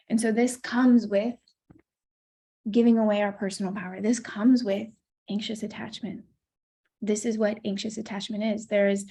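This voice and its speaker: A woman's voice: medium pitch, flat delivery, normal speed, warm tone, breathy edge. A woman in her thirties teaching a course module on attachment, talking candidly and swearing casually. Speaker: coach.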